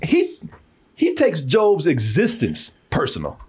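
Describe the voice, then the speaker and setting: A man in casual, profane chat about a movie, animated and laughing often. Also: on the high side, takes it slowly, a little hiss or hum. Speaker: podcast co-host reviewing a film.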